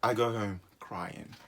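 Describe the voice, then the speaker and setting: Low-voiced young man telling a story. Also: slight background noise. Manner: animated, repeats phrases for comic effect. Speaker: vlogger. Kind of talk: storytime vlog.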